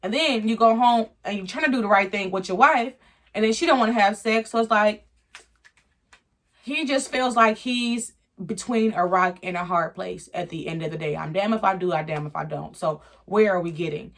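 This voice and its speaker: A woman's voice: medium pitch, normal speed. A woman giving a blunt, slangy, opinionated recap of a reality show in casual commentary. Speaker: reality TV reviewer.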